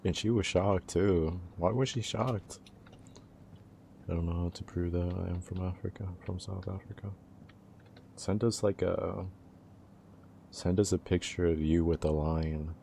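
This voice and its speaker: A young man hosting a casual livestream, his voice low and gravelly with a dark, mellow tone. He teases his chat in a relaxed, playful way and laughs easily, while a faint hiss sits behind him. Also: a little slow, pauses often. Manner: teasing, laid-back banter with chat, laughs often.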